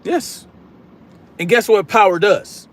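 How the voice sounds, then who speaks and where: Hosting a political live stream, this confrontational man reads chat messages out loud, speaking slowly but bluntly with casual slang and recurring catchphrases. He projects a voice that's a little higher than typical for a man.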